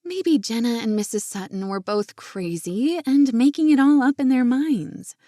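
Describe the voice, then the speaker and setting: Woman reading a romance audiobook, warm mellow voice, dry close mic, steady gentle pace. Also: on the high side, a little slow, no echo. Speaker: audiobook narrator. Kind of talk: scripted audiobook narration.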